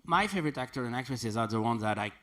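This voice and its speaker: A man's voice: mid-range voice, animated, fast talker, a bit bright. A man interviewing an actress, asking admiring questions with some hesitant fillers.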